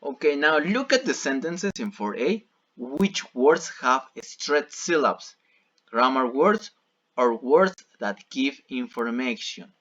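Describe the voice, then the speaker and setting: Slow, patient male English teacher. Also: mid-range voice, a bit bright, muffled recording. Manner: repeats and rephrases each example patiently. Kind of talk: bilingual classroom explanation.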